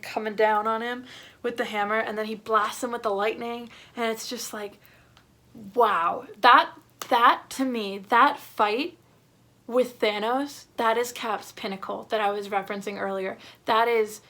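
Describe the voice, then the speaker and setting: Woman raving thru a movie review, fairly high voice, excitable, lots of likes and ums. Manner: gushing, excitable, full of fillers. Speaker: film reviewer. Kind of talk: casual spoiler review.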